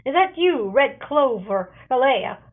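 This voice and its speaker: A woman's voice: fairly high pitch, unhurried, lightly acted. A woman reading aloud and voicing a wise elder who speaks formally. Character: wise old leader, calm and formal. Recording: tinny phone-like sound.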